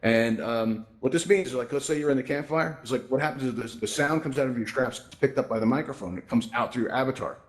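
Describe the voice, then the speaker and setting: Hosting a virtual reality tutorial event, a man speaks fast and hardly pauses in his mid-range voice. Into his headset mic he gives a casual talk, habitually tacking on "right?" and "you know".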